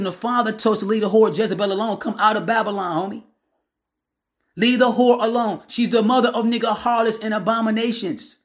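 A man preaching a street-style sermon, emphatic and slangy, filling his lines with repeated interjections. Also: sits high. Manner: emphatic, repetitive filler phrases, slangy.

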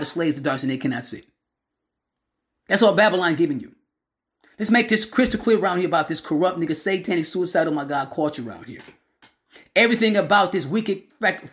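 A man with a notably high voice delivers a fiery street sermon. He talks in a slangy, emphatic way, circling back on the same interjections again and again. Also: fairly bright tone. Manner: emphatic, repetitive filler phrases, slangy. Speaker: street preacher. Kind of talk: preaching sermon.

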